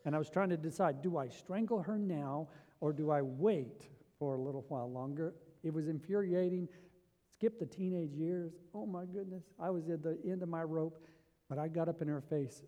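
High-voiced man preaching in a reverberant hall. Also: fairly even intonation, fairly quick. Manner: swings from hushed, intimate storytelling to loud, rising emphasis. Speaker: pastor. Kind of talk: sermon.

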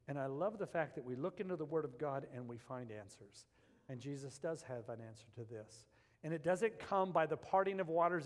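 A man preaching a sermon, moving between hushed, intimate passages and loud, emphatic ones. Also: medium pitch. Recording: long hall reverb.

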